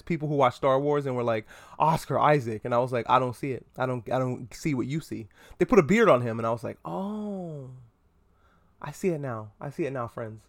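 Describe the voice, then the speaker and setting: A man hosting a comedic pop-culture podcast, talking in an animated, profane and self-mocking way. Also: on the high side. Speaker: podcast host.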